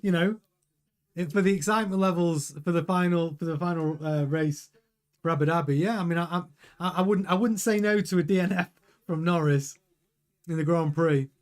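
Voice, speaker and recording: A man hosting a live race watchalong, chatting excitably over the timings with frequent stumbling restarts. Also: on the high side, moderate pace. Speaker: host.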